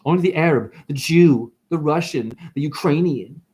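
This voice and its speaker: A man's voice: on the high side, normal speed, darkish tone. A man who is a spiritual teacher and numerologist, in a preachy livestream rant that swings between whoops and mutters.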